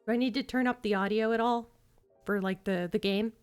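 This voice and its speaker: A woman's voice: mid-range voice, steady tone, fairly quick, smooth, faint music behind. A woman streaming a game, chatting casually and jokily while thinking aloud. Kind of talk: casual live-stream gameplay chat.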